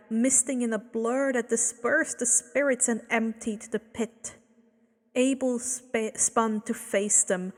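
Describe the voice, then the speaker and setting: Slow-reading woman with echoing reverb. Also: on the high side. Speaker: fanfiction reader. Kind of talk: reading fanfiction aloud.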